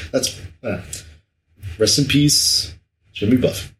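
A man's voice: mid-range voice, fairly bright tone. A man hosting a podcast, chatting casually and joking, laughing often. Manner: giggly, jokey, quick to laugh. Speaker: podcast co-host reading a novel aloud. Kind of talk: casual chat and reading aloud.

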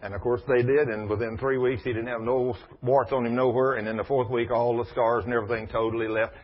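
Folksy preacher, husky lo-fi. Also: male voice, little pitch movement, fast. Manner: folksy, emphatic, dramatic swings in pitch and volume. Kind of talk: sermon with storytelling. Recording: muffled, husky lo-fi sermon recording.

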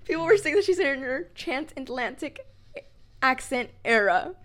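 Young woman podcast co-host, slightly high voice, rambling casual storyteller. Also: normal speed. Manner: chatty, lots of "like" fillers, animated storytelling. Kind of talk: casual chat.

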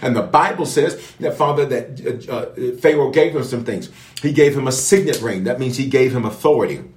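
Emphatic preaching bishop in echoey room. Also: male voice, mid-range voice, moderate pace. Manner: emphatic, repetitive preaching cadence, prophetic declarations; speaks directly to an online audience. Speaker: bishop leading online prayer. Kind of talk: preaching prayer and Bible teaching.

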